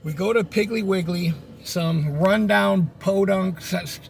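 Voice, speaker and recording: A middle-aged man rambles through a casual, joking story and slips into voices for the people in it. His voice sits a little high for a man. A faint hiss of noise runs under the recording. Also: takes it slowly, gravelly. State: sunburned. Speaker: vlogger telling a personal story.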